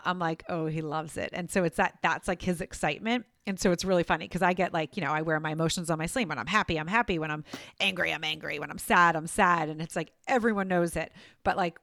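Woman host, lowish voice, dry close mic, lively storyteller. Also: no echo. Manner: chatty, animated storytelling. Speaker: podcast host. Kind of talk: casual interview chat.

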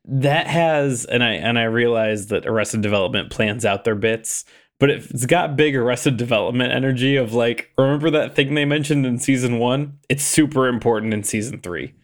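A man's voice: mid-range voice, moderate pace. A man co-hosting a podcast, chatting casually and rambling as he restarts his thoughts. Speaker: podcast co-host.

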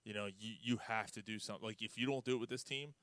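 A man's voice: on the low side, fast, a bit bright, dry recording. A man hosting a casual sports podcast, swearing and rambling in exasperation. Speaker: podcast host.

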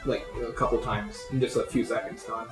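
A man's voice: mid-range voice, steady tone, brisk. A man leads a tabletop game, describing scenes in a loose, filler-heavy way. His voice sits mid-range, and the recording is roomy with faint music underneath. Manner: casual, filler-heavy narration with many "uh" and "like". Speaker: game master.

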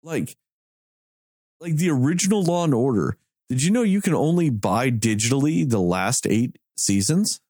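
In a casual chat, a man rants and complains with heavy swearing, his husky mid-range voice swinging around animatedly at a moderate pace. The recording is dry and clean, with studio sound.

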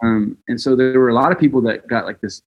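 A man answering interview questions in a loose, joking way. His voice is a bit husky at a middle pitch, and he fills his talk with "um", "uh" and "like". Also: fast talker, dull audio. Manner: chatty, joking, fillers. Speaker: church musician guest. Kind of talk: casual interview chat.

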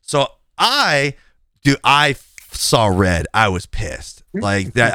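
A man's voice: mid-range voice, big pitch swings, takes it slowly, bright, forceful tone, no room sound, clean studio sound. A male podcast host in casual chat, telling a story bluntly and animatedly, acting out the quoted lines and swearing now and then.

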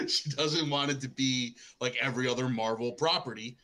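Man, casual podcast co-host, easygoing, bright voice. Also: medium pitch, steady tone, measured pace, a little hiss or hum.

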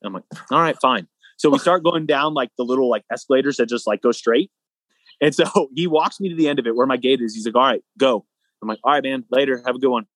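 A young man tells a story in a loose, chatty way, full of "like"s and acted-out quotes. He sounds close and dry, with no room around him. His pitch sits in the middle. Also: quick pace, dry recording. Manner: animated, acts out both sides of dialogue, many fillers. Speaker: guest, hybrid athlete. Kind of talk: casual storytelling.

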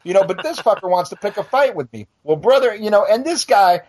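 A man's voice: high-pitched, animated, brisk, a little mellow. A middle-aged male podcast host on a blunt, profane rant, tripping into restarts as he talks. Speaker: podcast and radio show host. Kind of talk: heated casual rant.

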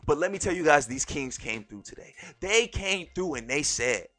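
Young male podcast host, lively pitch swings, bright and forceful tone, soft music bed underneath. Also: normal speed. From born in Turkey, raised overseas in a military family. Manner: animated storytelling, repeats "ladies and gentlemen". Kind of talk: solo podcast monologue.

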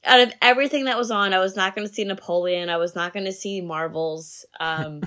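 A woman in her thirties co-hosting a casual film podcast, rambling in a relaxed way with lots of fillers. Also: medium pitch, brisk. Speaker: podcast co-host. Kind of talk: casual movie review chat.

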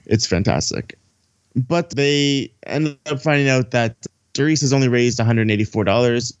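A man's voice: medium pitch, moderate pace, smooth, no echo, highs cut off. A man recapping a movie in a casual podcast chat, rambling and swearing freely while acting out the characters' lines.

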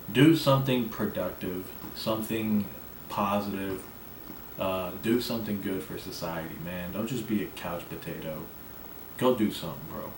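Low-voiced guy rambling and swearing on his solo podcast, sounds a bit far off the mic. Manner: profane, rambling, brash. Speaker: podcast host. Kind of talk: casual solo podcast monologue. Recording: echoey room, mic at a distance, faint background noise.

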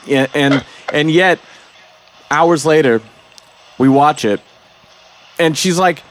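Lässiger männlicher Podcast-Host. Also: male voice, a little high, takes it slowly, pauses often, a little hiss or hum. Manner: loose, swearing, acts out quotes. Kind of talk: casual podcast chat.

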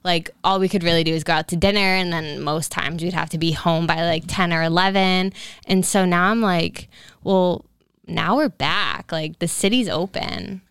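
A young woman in her twenties, co-hosting a casual podcast, rambles through a personal story in a lowish, fairly even voice at normal speed, leaning heavily on "like" and sprinkling in "um." Her voice is smooth, and the dry recording has clean studio sound.

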